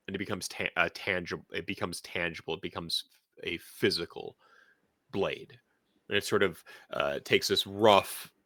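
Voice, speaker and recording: A man serving as game master, describing scenes in a loose, rambling manner peppered with fillers. His voice sits a touch low yet sounds bright and forward. The recording is close and dry, with no room sound. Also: no room sound. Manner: rambling, lots of fillers and restarts. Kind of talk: narrating a tabletop game.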